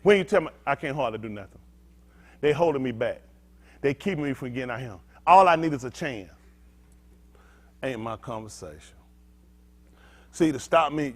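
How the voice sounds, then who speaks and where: High, lively-voiced blunt male preacher. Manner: emphatic, swinging between loud outbursts and low muttered asides; blunt, street-talking preacher. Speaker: pastor. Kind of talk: sermon teaching with call-and-response.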